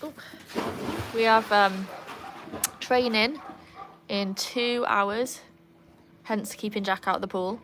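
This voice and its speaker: A woman chatting casually on a livestream from beside a backyard pool, breaking into a high sing-song voice to praise her dog. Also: slow pace, pauses often, fairly bright tone, slight background noise. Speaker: livestream host and dog owner. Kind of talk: casual live chat. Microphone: phone.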